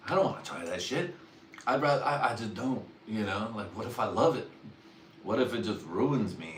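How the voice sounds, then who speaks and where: Here his medium-pitched voice turns expressive at a moderate pace as he swears his way through crude, meandering livestream comedy, cracking himself up. The sound is roomy and far from the mic, with faint ambience and slight hiss or hum.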